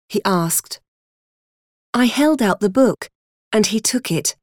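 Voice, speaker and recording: Woman audiobook narrator, first person; slow, measured, dry close recording. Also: medium pitch, a little mellow, no room sound. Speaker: audiobook reader.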